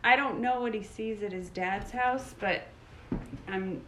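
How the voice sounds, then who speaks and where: A woman's voice: medium pitch, noisy background. A middle-aged woman who is a grandmother, co-hosting a casual podcast chat and often chiming in to agree. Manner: chatty, quick to agree and chime in. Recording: echoey room.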